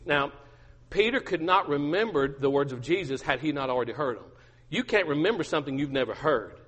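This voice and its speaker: A man's voice: medium pitch, a little fast, a bit bright, husky, in a large hall. A male pastor preaching a sermon, emphatic and repetitive, with humorous asides.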